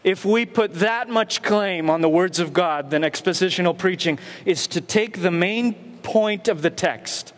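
A man's voice: high-pitched, unhurried, hardly any pauses, in a large hall. A man preaching a sermon as pastor, with emphatic rhetorical questions and repetition. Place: church sanctuary.

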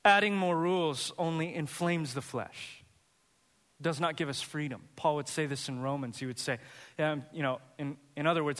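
A man preaching a sermon as pastor, earnest and building to animated, high-pitched emphasis. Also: normal speed, big-room sound.

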